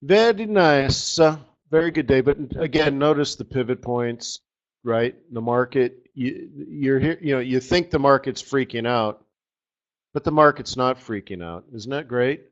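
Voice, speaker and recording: A man hosting a live trading webinar, talking over his charts with excited outbursts and trailing murmurs. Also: mid-range voice, measured pace, highs cut off. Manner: excitable, exclamatory, trails off while fiddling with charts. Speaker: forex market strategist hosting a live webinar.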